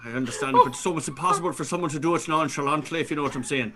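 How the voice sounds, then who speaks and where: Playful high-voiced male improv host. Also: rapid-fire, noisy background. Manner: playful, animated, drifts into accents. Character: male scuba instructor at a fish and flower shop. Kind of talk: improv comedy scene and game intro.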